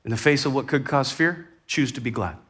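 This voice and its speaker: A man preaching a sermon as a pastor in a church, talking conversationally, with sudden lifts in energy and quiet, soft drops. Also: mid-range voice, fairly quick, slightly rough.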